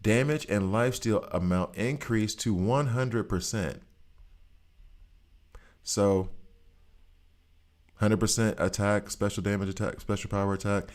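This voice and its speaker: A man's voice: lowish voice, unhurried, pauses often. A tired man hosting a game guide video, rambling in a chatty way and slipping into a Southern twang now and then. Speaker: mobile game guide host. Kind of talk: casual gameplay commentary.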